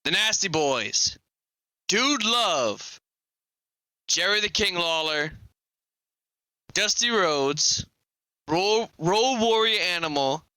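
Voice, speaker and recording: Bright, crisp-voiced male podcast host. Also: sits high, no room sound. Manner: rambling, loose and chatty. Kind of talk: casual live podcast chat about wrestling.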